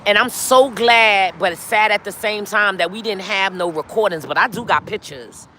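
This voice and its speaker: A woman's voice: medium pitch, normal speed, pushed and bright, a little hiss or hum. A middle-aged woman hosting a casual live stream outdoors, chatting straight to her viewers. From New York. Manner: chatty, talks straight to viewers with lots of y'all. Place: outdoors on a city street.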